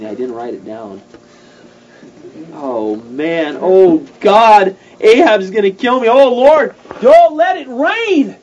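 A man's voice: extremely high pitch, lo-fi sound, slight background noise, pitched above the performer's own voice. A man voicing the prophet Elijah as an anxious, fervent man who frets and pleads. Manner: fretful, pleading, earnest cries.

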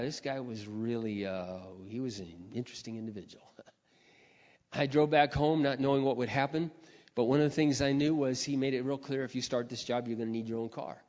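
An older man preacher telling a personal story in a sermon, acting out his prayers and phone calls with lively emotion. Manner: animated storyteller, acting out his own prayers with rising pitch. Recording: dull reverberant hall sound.

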